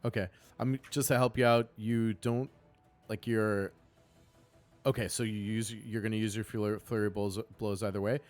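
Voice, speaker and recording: A man narrating as dungeon master in a live tabletop game, painting scenes vividly and breaking off for quick rules asides. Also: lowish voice, little pitch movement, a little mellow, soft background music.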